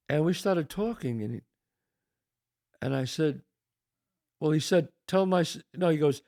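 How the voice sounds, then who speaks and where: Older new york guy, gravelly voice, rambling story, dry close sound. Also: on the high side, moderate pace, long pauses, no room sound. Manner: rambling, animated, swears freely. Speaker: podcast host. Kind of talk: casual storytelling.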